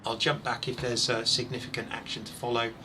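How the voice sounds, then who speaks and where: A man over forty doing live, chatty commentary on a sim race, excitable when incidents happen. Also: medium pitch, a little fast, background noise.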